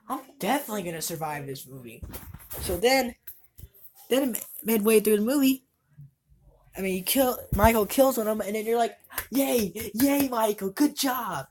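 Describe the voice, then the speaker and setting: A woman's voice: mid-range voice, a little mellow, slightly rough. A woman giving a casual, rambling movie review, exasperated and swearing freely.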